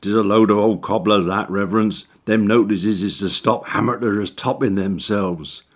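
A man's voice: fairly low pitch, steady tone, normal speed, lightly acted. A man putting on a wheezy, crafty old handyman. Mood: sly. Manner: broad working-class slang, cheeky.

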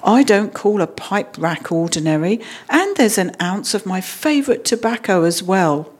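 A woman putting on a gruff, stern father. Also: mid-range voice, expressive, normal speed, close to an everyday voice. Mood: pleased.

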